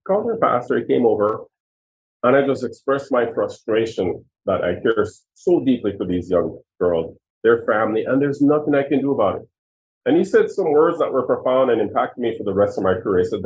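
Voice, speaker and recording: A man's voice: medium pitch, expressive, brisk, a little mellow. A man in his sixties, originally from Jamaica, a retired police chief earnestly telling personal stories in an interview. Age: 60s. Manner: earnest, emphatic storyteller. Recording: tinny phone-like audio.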